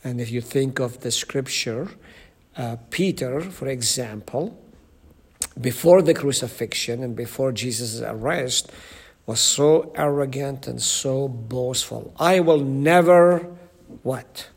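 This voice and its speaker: A man leading a Bible study group, teaching slowly with many ums and asking the group questions. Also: mid-range voice, creaky, slightly rough.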